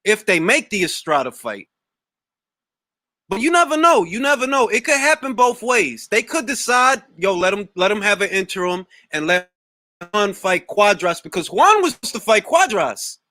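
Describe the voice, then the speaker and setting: A man's voice: high voice, big pitch swings, normal speed, pushed and bright, no room sound, clean studio sound. A man hosting a boxing talk stream, casual, profane and jumping between topics. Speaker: boxing talk show host. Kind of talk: casual livestream chat.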